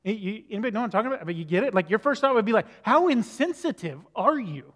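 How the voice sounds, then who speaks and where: A man preaches in a church with a high, light voice, and his words ring out in a long hall echo. He keeps the sermon conversational and checks in with the listeners with quick questions. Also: expressive, fairly bright tone. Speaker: pastor. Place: church sanctuary.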